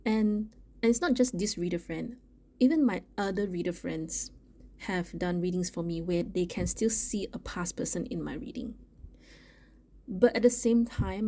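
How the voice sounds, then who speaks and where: A woman giving a casual tarot reading, chatty and thinking aloud, often pausing on "okay" and restarting her sentences. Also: on the low side, warm tone. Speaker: tarot reader.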